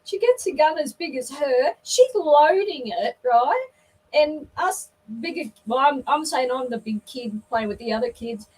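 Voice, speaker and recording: An older Australian woman telling a lively story in casual chat on a video call, laughing often. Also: sits high, a little slow. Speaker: guest. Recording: distant mic, faint background noise.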